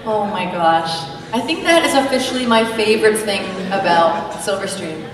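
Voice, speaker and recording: A woman's voice: medium pitch, lively intonation, moderate pace, background noise. Woman voice actor on a convention panel. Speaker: guest voice actor. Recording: echoey hall from far off. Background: crowd.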